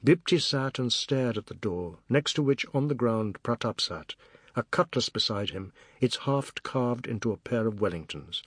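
A man reading a novel aloud in measured, even storytelling narration. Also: medium pitch, slightly rough, dry recording, clean studio sound. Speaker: audiobook narrator. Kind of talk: scripted literary narration.

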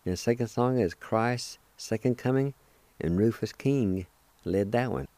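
A man from Oklahoma giving a recorded language lesson, slowly spelling out words and repeating each one with encouragement. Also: fairly low pitch, dark tone, no room sound. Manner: slow, careful, spells words letter by letter and repeats them. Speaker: language teacher and show host.

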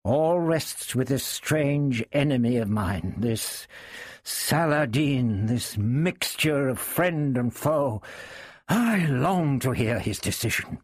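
A man's voice: mid-range voice, expressive, slow, no echo, studio quality. A man voicing a proud medieval king who speaks in a clipped, formal, commanding way. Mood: brooding.

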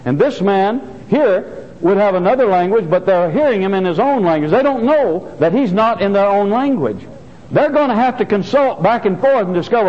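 An older male pastor preaches with a high, swooping voice that rises and falls freely. He hammers home key phrases by repeating them. The sound is dull and lo-fi, with a long reverb trailing through a church hall. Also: lively intonation, a little fast. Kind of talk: sermon. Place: church sanctuary.

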